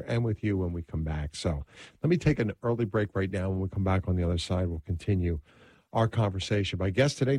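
A man's voice: low-pitched, dry recording. A man hosting a radio talk show, introducing his guest and announcing a break. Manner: announces breaks and phone lines in a steady host manner. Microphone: studio microphone.

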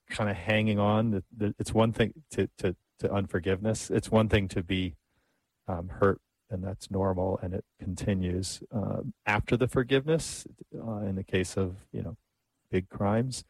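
A man's voice: lowish voice, steady tone, moderate pace, darkish tone, no room sound. A man hosting a faith radio talk show, easygoing with hesitant fillers. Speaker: radio host.

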